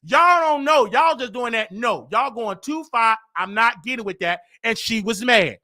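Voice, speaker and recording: A man hosting his own show, telling gossip in a casual, animated way, emphatic and full of repeated words. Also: very high voice, moderate pace. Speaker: host.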